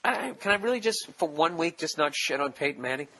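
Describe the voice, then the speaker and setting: A man's voice: a little high, expressive, a little fast, bright, forceful tone. A man hosting his own podcast, talking alone in a casual, profane, sarcastic rant. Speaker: podcast host. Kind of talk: casual solo podcast monologue.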